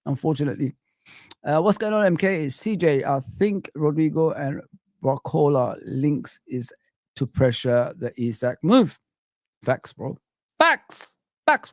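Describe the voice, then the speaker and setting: Ranting football stream host, dry close mic. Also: male voice, on the high side, dry recording. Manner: ranting, animated, calls viewers bro and man; self-described showman. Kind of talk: live-stream football chat reading comments.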